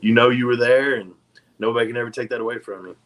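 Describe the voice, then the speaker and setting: This is a middle-aged man speaking as a podcast guest, looking back on a career in the ring. His voice sits at an ordinary pitch and he tells his stories in a relaxed, rambling way. He swears casually and lets out a chuckle now and then. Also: fast talker, low-quality recording. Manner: profane, laid-back, chuckling between stories. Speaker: podcast guest, retired pro wrestler. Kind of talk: casual storytelling.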